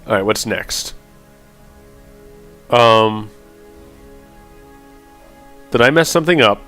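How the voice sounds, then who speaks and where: A man hosting a let's play, chatting casually and reading game text aloud, thinking out loud and stumbling over unusual words. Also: mid-range voice, expressive, slow pace, faint music behind.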